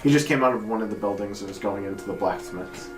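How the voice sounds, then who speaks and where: A man running a tabletop role-playing game as game master, narrating scenes in a relaxed, loose way, recorded in an echoey room with music in the background. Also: lowish voice, quick pace.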